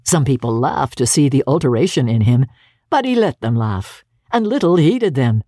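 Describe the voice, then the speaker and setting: A woman narrating a classic novel in an expressive audiobook reading. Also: rumbling low, normal speed, husky, no echo, studio quality.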